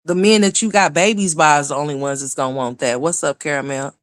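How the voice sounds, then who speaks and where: A woman's voice: deep voice, fairly even intonation, quick pace, dry recording. A woman hosting reaction commentary, blunt and profane, firing off rhetorical questions. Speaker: commentary channel host.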